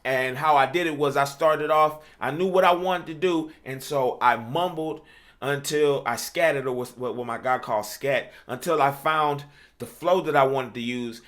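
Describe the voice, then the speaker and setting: A man's voice: mid-range voice, moderate pace, a bit bright. A man teaching how he writes rap verses, talking loosely with lots of "you know what I'm saying", breaking into rapped examples. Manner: loose and conversational, with frequent fillers and rapped demos. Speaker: rap coach. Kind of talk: casual tutorial talk.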